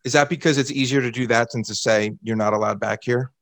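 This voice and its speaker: A man's voice: mid-range voice, steady tone, fast, a bit bright, no echo. A man co-hosting a casual podcast, thinking aloud with frequent restarts and repeated words. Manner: hesitant, restarts and repeats while working out a point.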